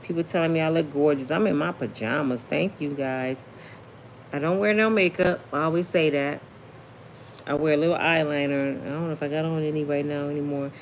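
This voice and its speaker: A deep-voiced woman speaks briskly against slight background noise. Hosting a casual celebrity gossip livestream, she's sassy and talkative, reading her viewers' comments out loud.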